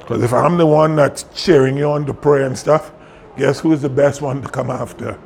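A man's voice: mid-range voice, normal speed, creaky, a little hiss or hum. A pastor in his sixties preaching a sermon, talking plainly and joking with his congregation while in pain. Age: 60s. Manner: conversational, jokes with the congregation. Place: church sanctuary.

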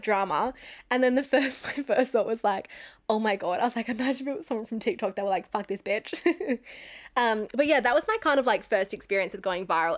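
A young Australian woman in her twenties hosting a podcast, telling a story in a chatty way, swearing freely and laughing often. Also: mid-range voice. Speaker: podcast host. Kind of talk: casual storytelling monologue.

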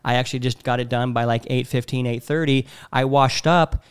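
Blunt, animated man in casual chat. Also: medium pitch, a little fast, smooth. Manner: animated, blunt, acts out quotes.

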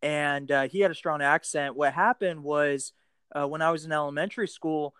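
A man with an American accent hosting a casual podcast interview, friendly and quick to laugh, with plenty of fillers. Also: fairly high pitch, steady tone, fairly bright tone, clear, resonant tone, no echo. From United States. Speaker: podcast host.

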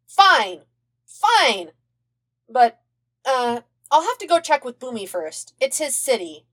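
An eager twelve-year-old boy chirps with earnest excitement, as a woman reads him in a podfic. His voice sits high and leaps around, bouncy and full of enthusiasm. It sounds like a storybook kid hero. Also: moderate pace, husky, exaggerated voice. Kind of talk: podfic character voice.

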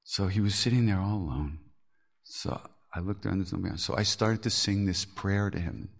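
Man, gravelly voice, lowish pitch, candid storytelling, swears, self-mocking. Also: a little fast. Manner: frank and earthy, swears and laughs at himself. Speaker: podcast host telling spiritual stories.

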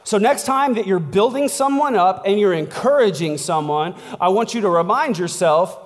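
A man's voice: high voice, lively intonation, normal speed, hardly any pauses, long reverb tail. A man preaching as a pastor in a casual, conversational sermon, chatty and laughing, tossing in "like" and "right?" as he goes. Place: church.

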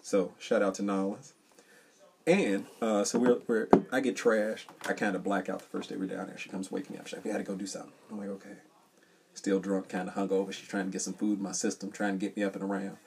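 Low gravelly joking man. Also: fairly quick. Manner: animated, joking storyteller. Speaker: podcast co-host. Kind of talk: casual chat.

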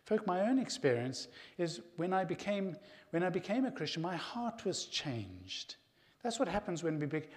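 A man's voice: fairly high pitch, very animated, a little slow. A middle-aged man preaching a sermon as pastor, earnest and direct, calling his congregation "folk". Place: church hall. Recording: long hall reverb.

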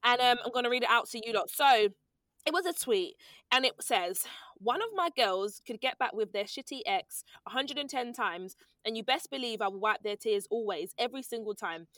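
Young woman, congested, chatty, higher voice, dry close sound. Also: animated, normal speed, a bit bright, no echo. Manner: chatty, laughing, teasing. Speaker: podcast co-host. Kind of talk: casual chat.

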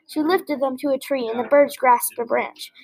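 High-voiced woman reading a children's story. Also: fairly even intonation, moderate pace, a little hiss or hum, rough recording. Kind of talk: children's story read-aloud.

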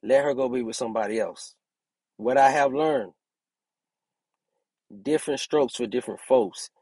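A man's voice: mid-range voice, moderate pace, warm tone, no room sound. A brash young man hosting his own podcast, talking casually and preaching with plenty of profanity. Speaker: podcast host and relationship coach.

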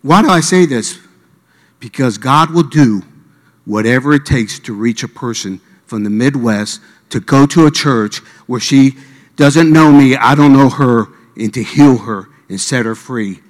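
A man's voice: medium pitch, unhurried. A man from Miami preaching a sermon, telling stories animatedly and acting out the voices of the people in them. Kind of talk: sermon storytelling. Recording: reverberant hall.

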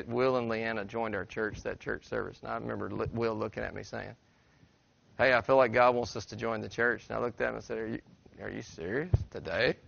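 A man's voice: mid-range voice, gravelly, a bit bright, dry recording, dull audio. A middle-aged pastor, a man, preaching a sermon in a folksy, conversational storytelling way to his church. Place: church sanctuary.

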